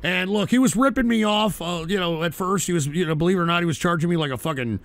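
High, gravelly man ranting as host. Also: fast talker, no room sound. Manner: profane, blunt, erupts into shouting. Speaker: host of a call-in politics show. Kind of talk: casual livestream rant.

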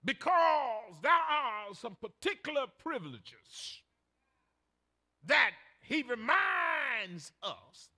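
An older male pastor, preaching a sermon in a folksy storytelling manner that builds to shouted emphasis. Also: very high voice, very animated, slow pace.

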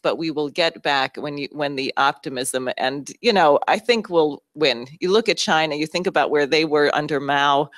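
Intense woman talking to a town hall crowd, low voice, dry sound, lots of restarts. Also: fairly bright tone. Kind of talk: public talk to an audience.

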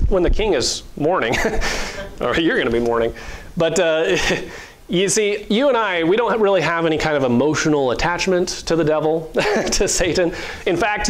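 A male pastor preaching a sermon in an earnest, conversational way, with fillers and soft chuckles. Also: high-pitched.

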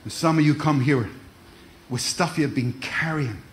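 A man's voice: fairly high pitch, unhurried, a little hiss or hum. A middle-aged man preaching a sermon, calling out to the congregation and restarting words as he goes. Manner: preaching with call-and-response, repeats words, stumbling restarts. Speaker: pastor.

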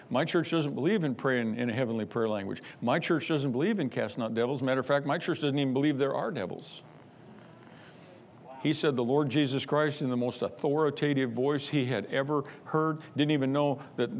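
A male pastor preaching a sermon in an emphatic, repetitive way, rising into loud bursts. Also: medium pitch.

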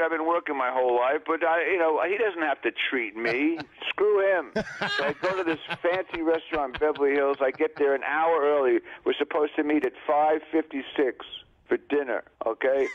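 A man telling a comic story in an excitable, animated way, acting out both sides of the conversation. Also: a little high, a little fast. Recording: muffled lo-fi archive audio.

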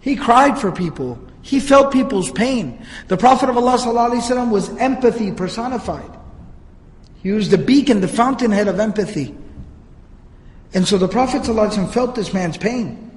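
A man's voice: high voice, animated, fairly quick. A man giving a religious history lecture, telling the story earnestly and reciting Arabic passages. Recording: echoey hall reverb.

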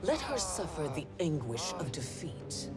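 A woman's voice: sits low, big pitch swings, measured pace. A woman voicing a ruthless, regal queen in a video game, giving cold pronouncements. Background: loud game music.

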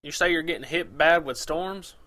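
Bright-voiced taunting male gamer. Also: fairly high pitch, normal speed. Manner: taunting, mocking, laughs at others. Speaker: gamer trolling in an online racing game. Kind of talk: casual gaming commentary with voice chat.

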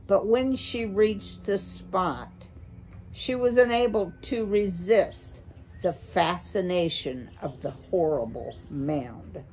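Slow woman reading a children's book. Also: fairly low pitch, a little mellow, a little hiss or hum. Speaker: storyteller. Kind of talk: children's book read-aloud.

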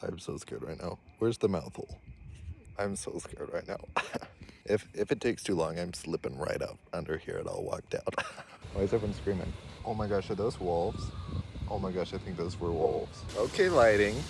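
A young man, chatting excitedly and giggling as he vlogs into a handheld phone outdoors on a ski lift at night. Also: low voice, moderate pace, gravelly. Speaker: vlogger. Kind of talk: casual vlog. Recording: noisy outdoor phone recording.

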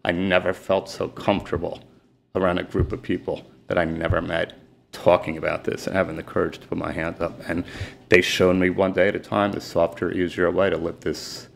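A middle-aged man, a sports agent telling his story candidly in an interview, emphatic and retelling dialogue in rapid bursts. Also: deep voice, little pitch movement, creaky. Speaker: guest, sports and celebrity agent.

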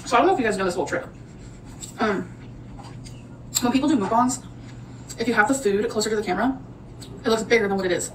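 A woman's voice: fairly high pitch, fast, long pauses, recorded from a distance. A woman rambling chattily to her viewers in a casual cooking and eating vlog. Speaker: vlogger. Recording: noisy audio from off-mic.

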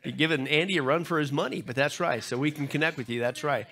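Bright-voiced joking pastor. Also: male voice, a little high, fast. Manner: joking, loose and chatty, many fillers. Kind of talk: church announcements before a sermon. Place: church sanctuary.

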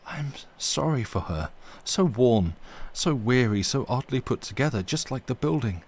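A man reading a ghost story aloud on a live stream, with expressive, dramatic emphasis. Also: medium pitch, moderate pace, breathy edge.

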